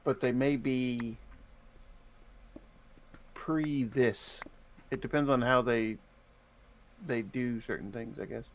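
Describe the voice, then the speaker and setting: Speaking slowly with long pauses, this medium-pitched man co-hosts a live game stream. He's from the United States and explains the game's mechanics in a thoughtful, drawn-out way during casual chat.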